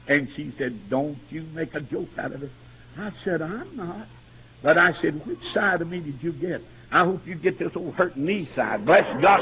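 A man, preaching a sermon with a husky voice, rising to shouts with a rhythmic repeated "uh". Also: fairly high pitch. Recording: tinny lo-fi radio broadcast.

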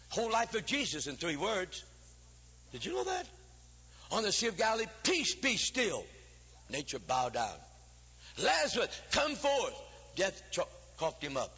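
Lively, bright-voiced man preaching in an echoing church. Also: sits high, slightly rough. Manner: folksy, humorous storytelling with chanted preaching cadence. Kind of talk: folksy Baptist sermon. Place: church sanctuary. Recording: lo-fi hall recording with long reverb.

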